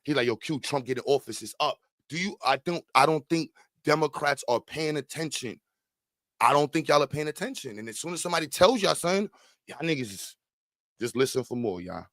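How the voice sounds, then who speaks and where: A man hosting a podcast, giving casual commentary on a clip and swinging between calm talk and loud, profane outbursts. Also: a little high, a little fast, dry recording, studio quality. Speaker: podcast host.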